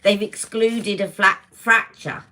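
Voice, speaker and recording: A woman talking straight into her phone camera on a beauty livestream, greeting viewers one after another as they join. Her voice sits at an ordinary middle pitch, and she chats loosely, breaking off mid-sentence to say hello. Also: fairly even intonation, takes it slowly, sharp tone. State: emotional, close to tears. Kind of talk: casual livestream chat with viewers.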